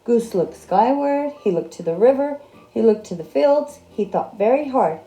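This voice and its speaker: A woman narrating a children's picture book in an expressive, playful reading style. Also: a little high, moderate pace, reverberant, soft background music. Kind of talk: storybook read-aloud.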